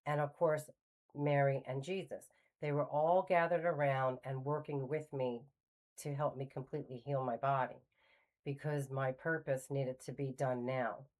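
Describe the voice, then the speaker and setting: Middle-aged lady hosting her spiritual channel, low voice, chatty storytelling, does the voices of people she quotes. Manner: animated retelling, acts out quoted voices. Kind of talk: casual storytelling.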